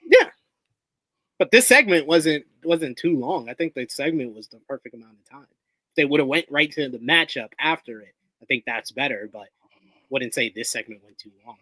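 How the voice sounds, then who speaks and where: Brief: male co-host, calm counterpoint, reads viewer comments, bright edge, dry close sound. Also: medium pitch, normal speed, dry recording. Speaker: wrestling show co-host. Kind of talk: casual live review chat.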